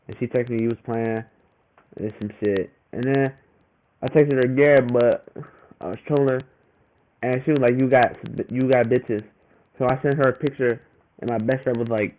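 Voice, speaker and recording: A young man telling a storytime to the camera in casual, profane slang, repeating himself as he goes. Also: medium pitch. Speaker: vlogger. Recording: tinny phone-like audio with faint noise.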